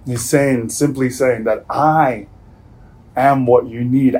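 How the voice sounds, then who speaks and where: A man preaching a sermon as pastor, earnest and searching, often repeating himself and letting sentences fall away quietly. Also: mid-range voice, unhurried, slightly rough, rough recording. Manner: earnest, with many restarts and soft trailing endings.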